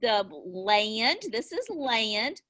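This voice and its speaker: A middle-aged woman teaching young children over a video call, slow and sing-song, encouraging them with little gasps of delight. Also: a little high, very animated, bright, forceful tone. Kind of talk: online class lesson for young children.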